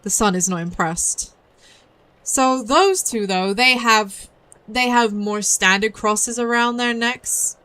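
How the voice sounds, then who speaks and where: A woman's voice: a little high, slow pace, bright, forceful tone. A woman giving playful, chatty commentary as a VTuber playing a mystery game. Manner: chatty, playful, giggly asides. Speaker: VTuber streamer. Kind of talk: casual gameplay commentary.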